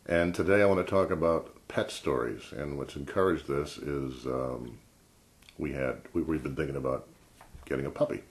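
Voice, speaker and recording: A man vlogger telling a casual story, swinging between low mutters and excited outbursts. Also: normal speed.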